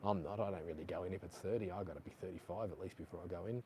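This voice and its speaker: A man's voice: low-pitched, racing, darkish tone. Aussie bloke rambling on a live stream, reads out chat, mic on his chest, faint outdoor hum behind him. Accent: Australian. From Australia. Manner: chatty, rambling, reading out viewer comments. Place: outdoors on a beach. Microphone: chest-clipped lapel mic.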